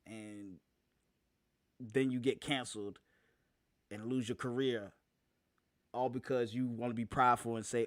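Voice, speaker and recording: A man hosting a live talk show, speaking casually, often laughing and repeating phrases for emphasis, slowing down to stress points. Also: mid-range voice, steady tone, no echo, studio quality. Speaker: show host.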